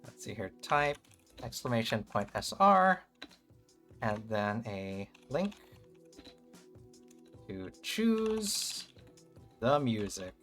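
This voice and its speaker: A man live-streaming casually to his chat, playful and excitable, joking about himself and rambling as he sets things up. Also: on the low side, takes it slowly, faint music behind. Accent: American. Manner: playful, chatty, self-deprecating, excitable.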